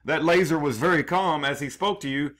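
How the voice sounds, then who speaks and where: A man's voice: a little high, a little fast, a bit bright, close to an everyday voice. A man quoting a sly male police detective who coaxes a witness with leading questions. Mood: coaxing.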